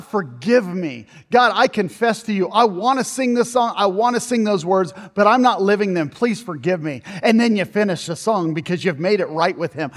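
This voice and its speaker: A male pastor preaching a sermon, swinging between loud emphasis and quiet, hushed passages. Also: sits high, long reverb tail.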